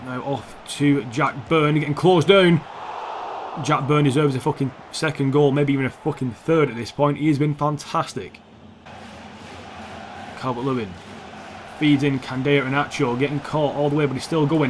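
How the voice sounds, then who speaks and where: A young man commentating his own football video game match, swearing often and shouting at the players on screen. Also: a little high, fairly even intonation, normal speed, slight background noise. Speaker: gaming YouTuber. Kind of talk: gameplay commentary.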